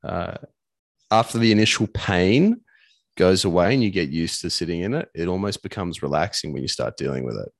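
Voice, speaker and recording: A man's voice: deep voice, lively intonation, a little fast, creaky, no room sound. A man, a coach and podcast guest, talking earnestly and emphatically in casual conversation, swearing now and then.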